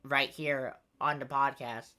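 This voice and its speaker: A woman's voice: very deep voice, fairly even intonation, a little slow, background noise. A woman hosting a podcast in casual chat, rambling with many fillers and frequent laughter. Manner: giggly, rambling, lots of fillers. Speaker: podcast host.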